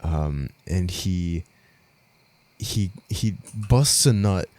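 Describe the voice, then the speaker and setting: A man's voice: low voice, lively intonation, extremely slow, darkish tone, no echo. A young man co-hosting a podcast, telling a story in casual chat, rambling, swearing a lot and laughing as he goes. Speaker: podcast co-host.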